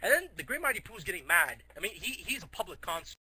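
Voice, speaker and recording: A man rambles through a crude comic story with excitable energy, and his voice leaps around constantly. It sits high and bright, with a tense edge. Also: fast. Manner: excitable, crude, repeats catchphrases.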